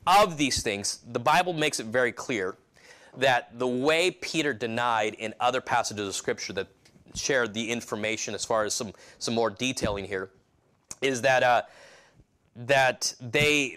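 A man's voice: mid-range voice, bright, forceful tone. A man preaching a sermon in a casual, conversational way, often restarting his phrases and acting out quotes from the passage. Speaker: pastor.

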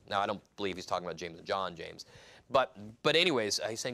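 A man preaching an expository sermon, reading scripture aloud and acting out the scenes in lively voices. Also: on the low side, brisk. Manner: animated, reads scripture aloud and acts out scenes.

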